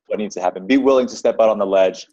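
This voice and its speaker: A man with a low, mellow voice hosting a podcast interview over a video call. The audio is dull and lo-fi, and the room sounds dry. He affirms his guest and encourages his listeners. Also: racing, no room sound. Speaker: podcast host.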